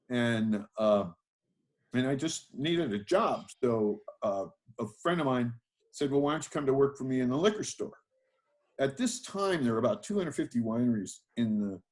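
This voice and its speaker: A man's voice: medium pitch, darkish tone. An older man, a winemaker being interviewed, telling his life story in a rambling, self-deprecating way with many fillers and restarts. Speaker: guest, winemaker.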